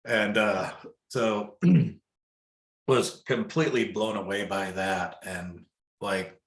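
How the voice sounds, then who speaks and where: A man's voice: on the low side, fairly even intonation, takes it slowly. A man telling a personal story in a casual fireside chat, loose and conversational with lots of fillers. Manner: loose, conversational, full of fillers and acted-out quotes. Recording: echoey room.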